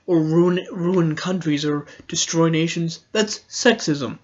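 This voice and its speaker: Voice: mid-range voice, slow pace. Sarcastic podcast host rambling thru a solo rant, keeps laughing, kinda muffled audio. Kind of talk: casual political commentary monologue.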